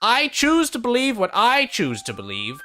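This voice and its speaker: A man's voice: very high voice, huge pitch swings, normal speed, bright, forceful tone, slight background noise, pitched above the performer's own voice, heavily acted. A man voicing a pair of stiff, pompous male stone golem guardians. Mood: haughty. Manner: stiff, formal.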